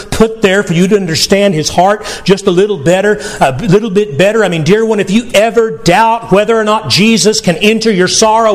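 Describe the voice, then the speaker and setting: Middle-aged male preacher, slightly higher voice, earnest and tender sermon delivery. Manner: earnest, tender, repeats words when emphasizing. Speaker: pastor.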